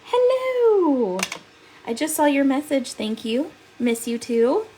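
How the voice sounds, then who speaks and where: A woman's voice: high voice, moderate pace, mellow, a little hiss or hum, low-quality recording. A woman hosting a live crafting demo. She chats with viewers and laughs often, seated at her craft desk. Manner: chatty and upbeat, laughs often. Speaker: crafting livestream host.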